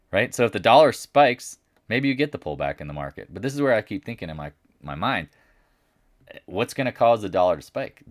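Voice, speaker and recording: Low-voiced guy doing live stock chat, blunt and cocky, dry close sound. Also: no echo. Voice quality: mimics others in a higher, louder voice when quoting them. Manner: blunt, brash, swings from loud to muttered asides. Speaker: market commentator.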